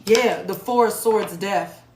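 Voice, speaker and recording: A woman from New York in her thirties or forties gives a loose, conversational tarot reading, circling back and repeating herself. Her voice sits at a middling pitch. The recording is roomy and echoey, with steady background noise. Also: slow. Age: 30s to 40s. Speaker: tarot reader.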